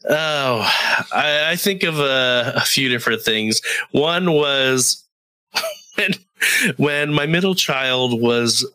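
Podcast co-host guy, bright voice, takes his time, laughs a lot. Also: medium pitch, lively intonation, clear, resonant tone, dry recording. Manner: laughs easily, slow unhurried telling. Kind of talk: casual chat.

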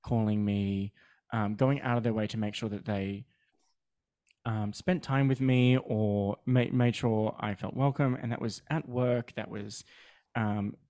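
A man in a casual podcast chat, talking hesitantly with many pauses and fillers. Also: lowish voice, fairly even intonation. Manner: hesitant, many ums, warm storytelling.

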